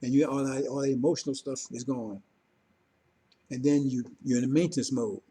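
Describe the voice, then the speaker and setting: A religious teacher preaches informally to his congregation, talking conversationally and repetitively while constantly checking in with "see?" and "you understand?". His mid-range voice is steady, brisk, warm and slightly breathy.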